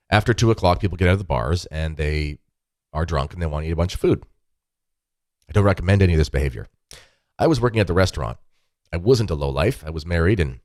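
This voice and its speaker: A man, hosting a show and telling rambling, animated anecdotes in a casual chat from his desk at home. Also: deep voice, no echo, clean studio sound. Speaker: podcast host. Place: home desk with weightlifting equipment behind.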